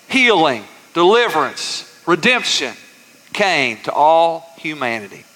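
Preacher guy saying y'all a lot, high bright voice, echoing round a big church. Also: moderate pace. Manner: preaching with congregation call-and-response; folksy, says y'all. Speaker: pastor. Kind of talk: sermon. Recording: reverberant church hall.

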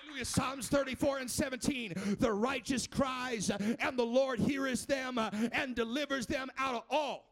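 A male preacher delivers a fervent, shouted sermon in a chanting cadence. His voice sits very high and carries a gravelly rasp. He peppers his lines with "uh" and "amen". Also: steady tone, moderate pace, few pauses.

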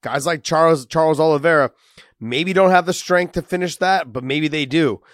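Raspy man with a cold, dry close mic. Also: a little high, normal speed, no room sound. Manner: rambling with restarts, emphatic. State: has a cold, raspy voice and coughing. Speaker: co-host, fighter analyst. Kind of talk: casual fight breakdown chat.

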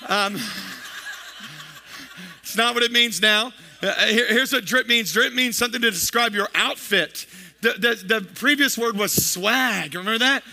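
A man's voice: very high-pitched, moderate pace, sharp tone. A man in his thirties, a pastor preaching a playful, joking sermon to his congregation, with many repeated words and asides. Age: 30s.

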